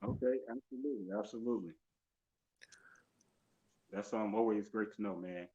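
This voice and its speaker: A man's voice: on the low side, normal speed, mellow. Upbeat male host on dull lo-fi audio. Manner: upbeat, repetitive, encouraging. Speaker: show host, interviewer. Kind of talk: casual live-stream interview.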